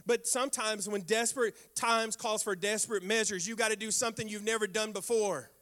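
An older man, a pastor, preaching a sermon with animated storytelling and sudden exclamations. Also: sits high, fairly quick. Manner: animated storytelling with sound effects and prayer.

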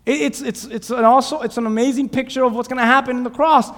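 A man preaching a sermon as pastor to a church congregation on a clip-on mic, animated and dramatic, often quizzing the listeners. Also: very high-pitched, fast talker. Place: church sanctuary. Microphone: clip-on lapel mic. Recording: reverberant church hall.

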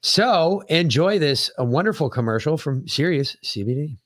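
A man's voice: a little high, lively intonation, moderate pace, no echo, clean studio sound. Swearing, rambling male podcast host. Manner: profane, rambling storyteller. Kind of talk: casual chat.

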